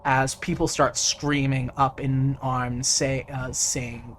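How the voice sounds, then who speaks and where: Unhurried man running a tabletop game. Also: mid-range voice, little pitch movement, a bit bright, slight background noise. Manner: unhurried, with frequent fillers. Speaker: game master.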